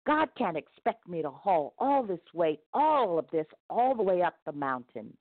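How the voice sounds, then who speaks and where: A woman's voice: mid-range voice, sing-song, normal speed, no echo, voice pushed up. A woman voicing an earnest, emotional man hauling a heavy wagon in a storybook tale, pleading as he talks. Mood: distressed. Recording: tinny phone-like dry sound.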